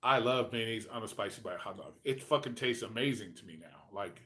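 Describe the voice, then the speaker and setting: A man's voice: lowish voice, expressive, a little fast, sharp tone. Male host, forties, casual, foul-mouthed, rambling chat delivery. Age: 40s. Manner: profane, rambling storyteller.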